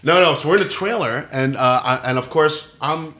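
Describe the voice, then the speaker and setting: A man's voice: on the high side, normal speed, a bit bright. A male comedian telling a story in casual podcast chat, with lots of restarts and quoted voices. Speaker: comedian guest.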